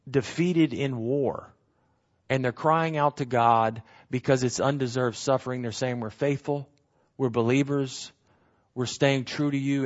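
A man leads a bible lesson, walking through scripture and defining its words. His voice sits at an ordinary middle pitch, and he repeats key lines for emphasis. The recording sounds a bit muffled and lo-fi. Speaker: bible teacher. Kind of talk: verse-by-verse bible teaching.

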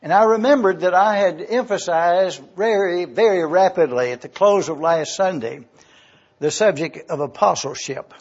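A man preaching a sermon, slow and deliberate as he teaches from Scripture and spells out words. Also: sits high, breathy edge, highs cut off. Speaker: pastor.

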